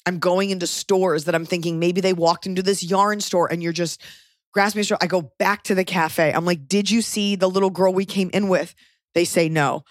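A woman's voice: lowish voice, no echo, studio quality. A woman in her thirties hosting a podcast, telling a story casually with lots of fillers and swearing. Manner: rambling, filler-heavy, sweary. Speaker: podcast host.

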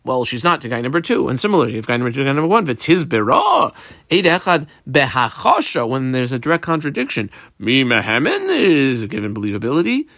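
A man teaches a Talmud class, voice gravelly and full of lively rises and falls. He explains the text phrase by phrase as he marks it up. The sound is close and dry. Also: mid-range voice, brisk, no room sound. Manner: translates line by line, marking up the text as he goes. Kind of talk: daf yomi Talmud class.

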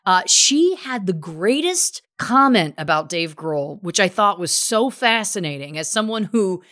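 A woman's voice: mid-range voice, sing-song, unhurried, fairly bright tone. A woman co-hosting a podcast in casual chat, rambling with lots of fillers. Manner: rambling, heavy use of filler "like". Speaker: podcast co-host.

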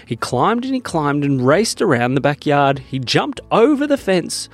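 A man narrating a children's story, animated and expressive. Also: a little high, a little slow. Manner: animated, expressive read-aloud.

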